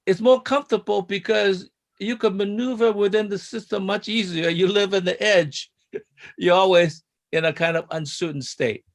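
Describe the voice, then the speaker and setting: A man's voice: high voice, vocal fry. A man in a study group telling a rambling story, chuckling at his own points. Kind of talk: casual group discussion.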